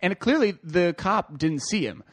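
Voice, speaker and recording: A young man co-hosting a podcast, telling a story in casual chat with joking, deadpan asides. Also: sits high, unhurried. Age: young adult. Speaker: podcast co-host.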